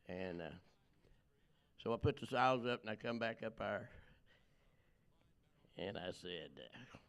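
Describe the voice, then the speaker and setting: Older man with a gravelly voice. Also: fairly low pitch, slow, a bit bright. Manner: plainspoken, rambling, emotional, with many fillers. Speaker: recovery testimony speaker. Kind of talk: personal testimony.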